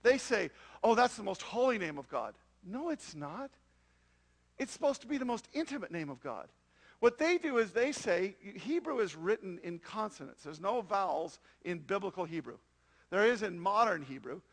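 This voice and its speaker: A man's voice: high-pitched, very animated, normal speed. A man preaching a sermon to a congregation, often asking them rhetorical questions. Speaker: pastor.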